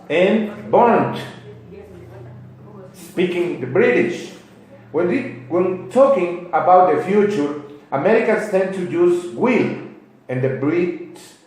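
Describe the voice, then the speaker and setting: Male teacher, slow and halting, lively pitch, heavy room echo. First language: Spanish. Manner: slow, deliberate, a little halting. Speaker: English teacher being interviewed. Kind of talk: explanatory answers in a class interview. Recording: very echoey room.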